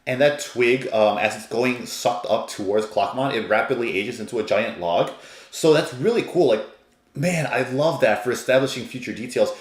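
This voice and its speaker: A man's voice: medium pitch, normal speed, reverberant. A man reviewing an anime episode in a casual, rambling, enthusiastic way, with lots of fillers.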